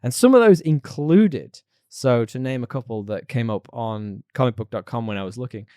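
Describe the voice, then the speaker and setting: Man, podcast co-host, casual chat, animated, dry close sound. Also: mid-range voice, moderate pace, no room sound. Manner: chatty, animated, laughs often.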